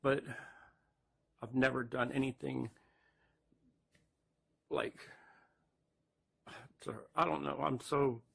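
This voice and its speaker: A distraught man, speaking haltingly to camera near tears and repeating himself. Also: medium pitch, fairly even intonation, gravelly, fairly bright tone, slightly rough. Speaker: man recording a farewell video. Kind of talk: emotional direct-to-camera confession.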